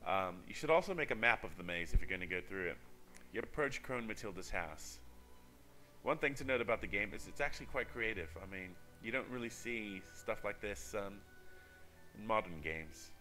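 A man's voice: fairly low pitch, expressive, moderate pace, sharp tone. A man hosting a let's play, reading a text adventure game aloud and commenting casually with frequent ums. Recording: faint music underneath.

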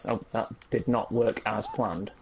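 A British man co-hosting a gaming podcast, chatting casually while playing and breaking into excited shouts. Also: lowish voice, a little slow, vocal fry. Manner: jokey, bursts into excited shouts. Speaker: podcast co-host.

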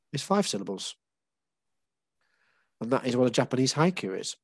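A man's voice: mid-range voice, very animated, normal speed, dry recording. An English man leading a casual group session, explaining patiently with many fillers and restarts. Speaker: workshop leader.

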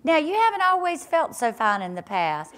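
A woman's voice: high-pitched, very animated, moderate pace, a bit bright. A woman with a Southern US accent, presenting at a conference and prompting a patient with upbeat questions. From Eastern North Carolina. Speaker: telehealth presenter interviewing a patient. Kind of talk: on-stage presentation and interview.

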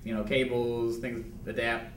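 A man's voice: mid-range voice, level tone, measured pace, slight background noise. A man nervously rambling through an unprepared self-introduction at a business meeting, stammering and laughing. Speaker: quality control manager in a meeting. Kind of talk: awkward improvised self-introduction. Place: conference room on a video call. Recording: echoey room from far off.

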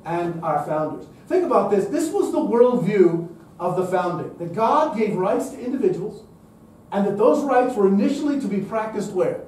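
A man's voice: high-pitched, expressive, normal speed, darkish tone, recorded from a distance, a little hiss or hum. Emphatic lecturing man in a hall. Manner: emphatic, with rhetorical questions. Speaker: speaker at a public event. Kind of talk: lecture-style talk.

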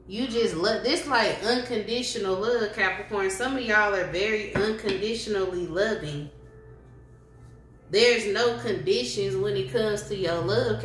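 Slow-talking woman doing a tarot reading. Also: medium pitch, a bit bright. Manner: slow, repetitive, affirming, speaks directly to viewers. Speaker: tarot reader. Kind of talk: casual tarot reading to camera. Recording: roomy home recording with faint hiss.

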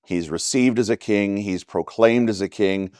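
A man's voice: on the low side, moderate pace, darkish tone, clear, resonant tone, no room sound, clean studio sound. A man with a Texan accent teaching a church Bible study in a conversational way, often checking in with "right?". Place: church classroom.

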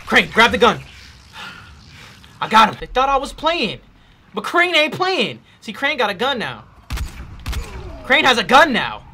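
High, lively man yelling through a game. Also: normal speed, pauses often. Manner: excitable, shouts and swears at the game; trash-talks enemies in a playful street tone. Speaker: gaming YouTuber. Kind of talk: let's play commentary.

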